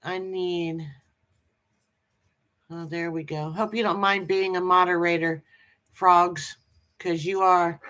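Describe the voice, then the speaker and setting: A woman hosts a relaxed livestream and greets her viewers one by one. She talks slowly and her tone is bright and forward. Her chat is halting and full of ums and restarts. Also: fairly low pitch. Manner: greets viewers cheerfully by name. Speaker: livestream host.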